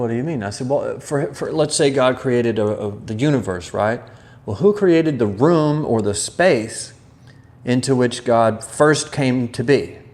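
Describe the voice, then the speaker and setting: A man hosting a live stream, casually telling a childhood story and reading chat comments, acting out the voices he quotes. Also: mid-range voice. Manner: animated, acts out quoted voices. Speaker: livestream host.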